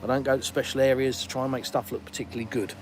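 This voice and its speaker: A man's voice: mid-range voice, little pitch movement, rapid-fire, a little hiss or hum, rough recording. An English man hosting a casual live stream outdoors in a garden, rambling and colloquial as he reads viewers' comments aloud. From England.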